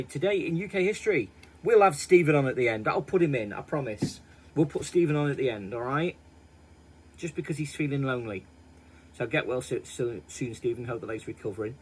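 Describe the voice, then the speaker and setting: A man's voice: medium pitch, animated, brisk, slight background noise, poor audio. A man hosting a daily history channel, talking in a rambling, self-mocking way with chatty asides. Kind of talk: casual daily history chat.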